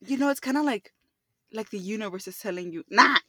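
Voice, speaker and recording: A young woman chatting casually, relaxed and quick to laugh. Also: mid-range voice, no room sound, studio quality. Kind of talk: casual chat.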